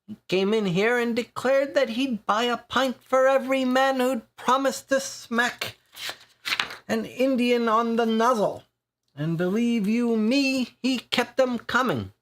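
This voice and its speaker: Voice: medium pitch, little pitch movement, a little slow, creaky, hardly any pauses, a bit bright, slight background noise, pitched above the performer's own voice. A board game player voicing a grinning, pockmarked Irish man who gossips in a dockside pub. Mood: gossipy, teasing. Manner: chatty, conspiratorial gossip.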